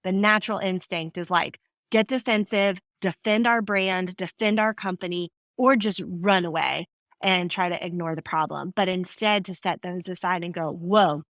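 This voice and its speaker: A woman with a lowish voice and normal speaking speed guests on a podcast interview, recorded dry. She tells stories animatedly and acts out the voices of the people she quotes.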